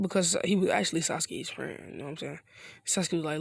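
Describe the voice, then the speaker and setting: A narrator telling an improvised fan story in a casual, slangy, halting way. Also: medium pitch, creaky, slightly rough, no echo.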